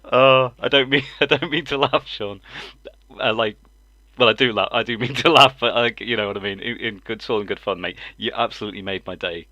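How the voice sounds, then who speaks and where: A man's voice: medium pitch, brisk, pushed and bright, dry recording, muffled recording. A man, a live-stream host, chatting casually, rambling and breaking into laughter often. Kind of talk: casual chat.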